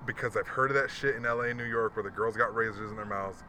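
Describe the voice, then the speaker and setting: A man's voice: lowish voice, steady tone, fast talker, sharp tone, slight background noise. A man telling a story in casual, profane chat, acting out the voices of people he quotes.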